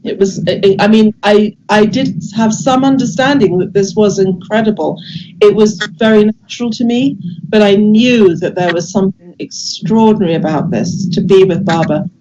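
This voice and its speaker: Older woman, gentle halting storyteller. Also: mid-range voice, lo-fi sound, background noise. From England. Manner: gentle, hesitant, many restarts and fillers. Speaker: guest speaker sharing memories. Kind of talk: casual storytelling over video call. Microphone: video call.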